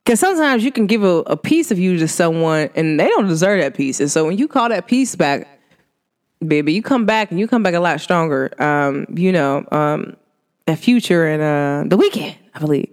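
A spiritual energy reader who talks casually and directly to listeners, humming "mm" between thoughts and swooping up high when laughing. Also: smooth. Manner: chatty and animated, addresses listeners directly; hums and drawn-out "mm" sounds between thoughts. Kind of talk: casual spoken energy reading to viewers.

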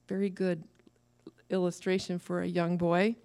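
Woman giving a sermon, bit of fry in her voice, upbeat and chatty with the church. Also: lowish voice, moderate pace. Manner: lively, laughs at her own asides. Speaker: preacher.

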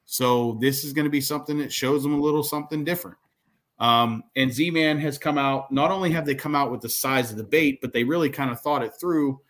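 A man's voice: mid-range voice, fairly quick, a bit bright. A man co-hosting a podcast in casual chat, explaining at length and starting sentences with "so". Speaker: podcast co-host.

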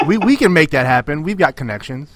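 A man's voice: a little high, lively intonation, quick pace, no room sound. A man hosting a podcast, laughing along and giving short, easygoing replies. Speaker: podcast host. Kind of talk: casual podcast chat.

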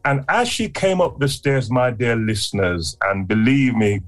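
Guest, man in his sixties, lively storyteller, lots of pitch leaps. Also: unhurried, faint music behind. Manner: animated storyteller, voice leaps high when acting out voices. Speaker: guest sharing testimony. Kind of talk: emotional faith testimony.

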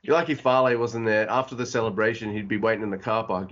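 A man's voice: lowish voice, steady tone, fast, background noise. A man co-hosting a casual wrestling podcast, laughing often and swearing freely. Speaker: podcast co-host. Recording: muffled lo-fi podcast audio.

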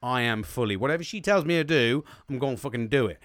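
A gruff Scottish father in his sixties grumbles through a hangover he refuses to show, as his son puts him on. His voice swings between low mutters and raised bursts, close and dry. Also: animated, fast talker, fairly bright tone, dry recording, natural voice. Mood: grumbling. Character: stoic 67-year-old Scottish dad, hungover, hiding it.

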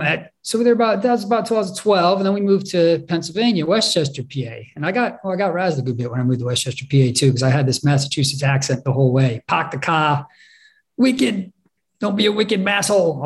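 Halting, reflective man telling a story. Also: a little high, darkish tone. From England. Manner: reflective, halting, many restarts. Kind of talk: personal story told on stage.

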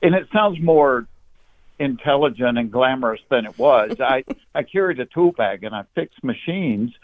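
A man's voice: mid-range voice, animated, normal speed. A man in his fifties with a thick Southern Georgia accent, telling stories easily as a guest in a casual interview and laughing often. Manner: easygoing storyteller, laughs often, repeats words when starting. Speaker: comedian guest. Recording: tinny phone line.

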